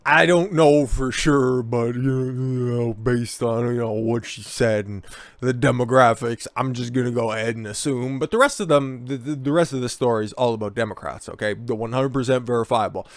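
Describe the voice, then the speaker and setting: A man's voice: medium pitch, normal speed, no room sound, studio quality. A man giving sarcastic commentary on news stories, mocking and crude with frequent swearing and snide asides. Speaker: commentary vlogger.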